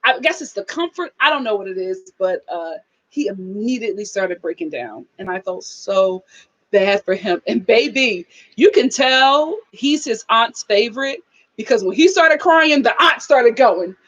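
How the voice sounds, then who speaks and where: A young adult woman hosts a casual review of a reality show, her voice sitting a little on the higher side. She talks with emphatic, animated energy and slips into acting out the scenes she recaps. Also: a little slow, dull audio.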